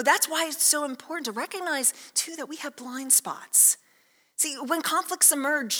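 A woman pastor preaches in a high, bright voice, talking through her sermon in a loose, conversational way full of asides and little stories. The sound rings with the long reverb of a big church hall. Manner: conversational, lively storytelling with many asides.

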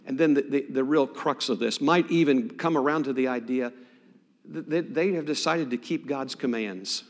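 Preacher with dramatic loud-to-hushed swings. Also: male voice, medium pitch, moderate pace. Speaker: pastor. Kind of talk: sermon. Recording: long hall reverb.

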